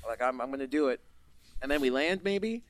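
A man riffing through an improvised comedy chat, spinning an animated story and laughing as he goes. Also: mid-range voice, a little fast, no room sound.

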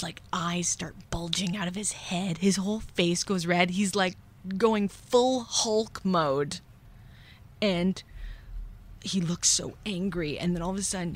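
A young woman with a slightly low voice tells a personal story as a podcast host. She sounds candid and rueful. She slips into quick whispers and loud bursts when she acts out what people said. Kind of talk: confessional storytelling.

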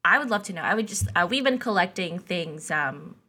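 A woman hosting a comedy interview show, chatting casually in a lively, encouraging way and laughing along. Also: lowish voice, fairly quick, breathy edge. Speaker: host.

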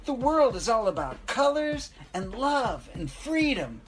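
A man's voice: very high-pitched, big pitch swings, a little slow, pitched above the performer's own voice, heavily acted. A woman reading aloud and voicing a crude, stoned young man with a lazy, teasing drawl. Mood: dreamy.

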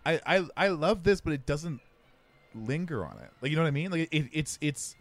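Wry rambling man with a lively voice. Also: a little high, a little fast, dry recording. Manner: rambling, stammering restarts, wry. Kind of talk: casual movie watch-along chat.

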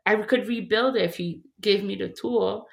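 A woman's voice: medium pitch, normal speed, creaky. A woman in a candid, casual conversation, talking in an emotional, reflective way with many fillers.

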